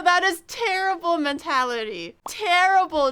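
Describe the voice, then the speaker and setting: A woman's voice: sits high, very animated, moderate pace, hardly any pauses, bright, forceful tone. A young woman streaming as a VTuber, telling a story in casual chat, acting out quotes with big jumps in her voice, swearing and laughing often.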